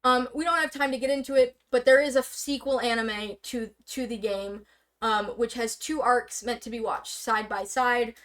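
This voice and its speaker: Chatty woman, stream guest, slightly high pitch, filler-heavy run-on delivery with sudden speed-ups. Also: steady tone, fairly bright tone. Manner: rambling, filler-heavy, bursts of rapid talk. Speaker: stream guest presenting slides. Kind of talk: casual explaining to a streamer. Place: streaming setup indoors.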